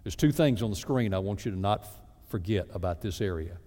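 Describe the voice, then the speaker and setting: A man preaching a sermon as a pastor, lively and acting out mock prayers in other voices. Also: lowish voice, brisk. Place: church sanctuary. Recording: reverberant church sanctuary.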